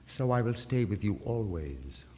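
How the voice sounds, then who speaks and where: A man voicing a devoted little male swallow, talking high and eagerly. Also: expressive, measured pace, warm tone, a little hiss or hum. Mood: tender. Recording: reverberant old vinyl studio recording.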